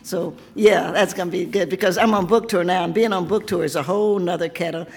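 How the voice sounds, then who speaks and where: A hoarse woman of seventy from Tennessee, reading poems aloud and then telling stories. She talks in a chatty way, laughing often and wandering into asides. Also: on the low side, fairly even intonation, fairly quick. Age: 70s. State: hoarse, has lost her voice. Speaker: poet giving a reading. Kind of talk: poetry reading and anecdotal talk.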